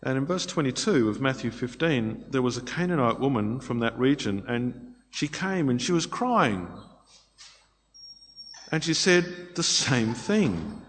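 Male preacher, expressive delivery moving between loud pleading and quiet asides, long hall reverb. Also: medium pitch, a little slow. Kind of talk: sermon.

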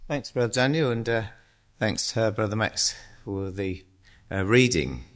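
A man in his sixties giving a church exhortation as a lay preacher, halting and chatty with many ums and uhs. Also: lowish voice, animated, fairly bright tone. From England.

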